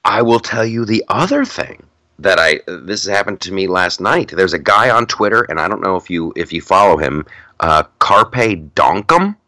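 Casting: middle-aged male podcast host, low and bright, dry close sound, rambling and restarting. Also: very animated, normal speed, no echo. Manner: rambling, laughs a lot, many restarts. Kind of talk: casual chat.

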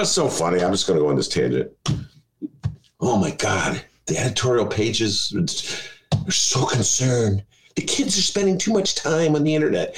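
A man hosting a talk show, chatting in a sarcastic, mocking way and laughing often. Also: on the high side. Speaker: radio show host. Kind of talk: casual comic talk show chat. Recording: roomy echo.

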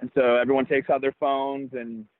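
Young man, baseball prospect, halting storytelling, flat delivery, dry phone-like sound. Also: mid-range voice, dry recording. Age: young adult. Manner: halting, many restarts and fillers. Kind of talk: interview storytelling.

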